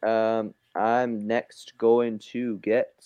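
A man's voice: lowish voice, little pitch movement, drawn-out words, warm tone, clear, resonant tone, highs cut off. A man running a casual draft with friends over a voice call, blunt and trash-talking. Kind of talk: casual group chat.

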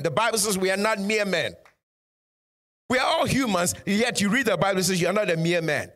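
A man with a fairly high voice preaches a lively sermon. He slips into short acted-out dialogue and then climbs to loud, emphatic urging of his listeners. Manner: rises to loud emphatic exhortation. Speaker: pastor.

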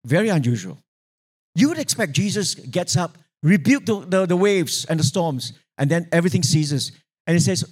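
Man, preacher, high voice, animated sermon storytelling, calls for congregation responses. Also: normal speed, husky. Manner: animated storytelling, acting out quoted voices, sudden pitch jumps.

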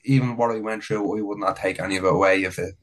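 A man appears as a guest on a casual podcast, speaking earnestly and motivationally and filling his talk with lots of "like"s. His voice is lowish with fairly even intonation and a quick pace, and the audio quality is poor.

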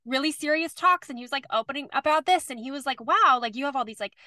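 High, bright young woman chatting. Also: animated, fast, dry recording. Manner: chatty, sympathetic listener, loose rambling phrasing. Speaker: podcast co-host. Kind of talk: casual chat.

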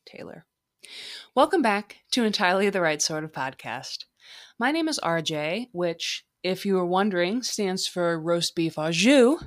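Young woman, solo podcast host, slightly low voice, casual and self-deprecating, a touch tipsy. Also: a bit bright. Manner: chatty, self-deprecating, leaves in her slips.

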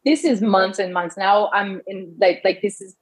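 A woman's voice: mid-range voice, moderate pace, husky, poor audio. A woman in her thirties telling her own medical story in casual talk, often restarting and quoting doctors in her own voice. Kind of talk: personal storytelling.

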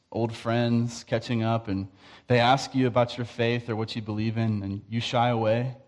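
A young man preaching a sermon, telling stories and acting out quoted voices, often dropping to a soft, intense tone. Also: mid-range voice. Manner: storytelling, acts out quoted voices, drops to quiet intensity.

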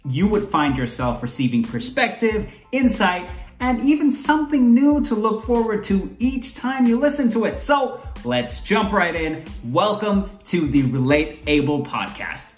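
A man's voice: high voice, very animated, a little slow, echoey room, soft background music. A man in his thirties who grew up in Kuwait, hosting his own podcast in a chatty, self-deprecating way. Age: 30s. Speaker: podcast host. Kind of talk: casual solo podcast talk.

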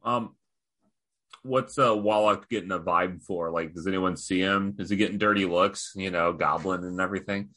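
A man's voice: low voice, steady tone, moderate pace, sharp tone. A man playing a tabletop game, casually describing his character's moves and asking questions. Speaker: player.

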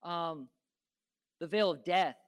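A man's voice: fairly high pitch, slow pace, clean tone. A male pastor giving a sermon, talking casually and emphatically, repeating phrases for stress and asking the crowd rhetorical questions. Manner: conversational with asides and rhetorical questions.

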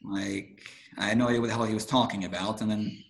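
A man's voice: on the low side, steady tone, fast talker, creaky, poor audio. A man chatting casually, rambling with lots of fillers and restarts, telling stories of growing up in the Gulf. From grew up in the Gulf states. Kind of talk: casual chat.

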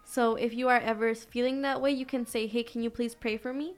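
Earnest, chatty woman co-host; slightly high pitch; casual faith talk. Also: fairly even intonation, brisk. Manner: earnest, chatty, many fillers.

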